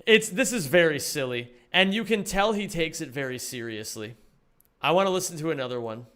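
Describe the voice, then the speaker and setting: Lively animated male streamer. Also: on the high side, fairly quick. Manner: animated, swears, thinks aloud. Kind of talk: live-stream reaction commentary.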